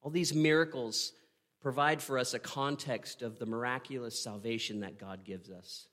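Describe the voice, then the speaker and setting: A man preaching a sermon, retelling a story with earnest drama, pausing and asking "right?". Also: medium pitch, steady tone, a bit bright. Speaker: pastor.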